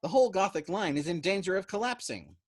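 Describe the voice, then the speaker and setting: A man's voice: high-pitched, expressive, quick pace, pitched above the performer's own voice. A man voicing a whiny, self-pitying army doctor who wails mournfully. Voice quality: wailing, mournful.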